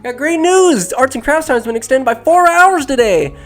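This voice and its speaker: Man putting on a mocking, high-pitched bully orderly. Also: sing-song, moderate pace, faint music behind, heavily acted. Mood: taunting. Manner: loud, mocking announcer tone. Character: bossy, taunting male nursing-home orderly.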